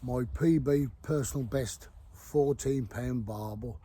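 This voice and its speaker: A man's voice: mid-range voice, takes it slowly, warm tone, husky. A middle-aged man, telling a rambling fishing story to camera by a river, blunt and free with swearing. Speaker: fishing vlogger. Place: outdoors by a river.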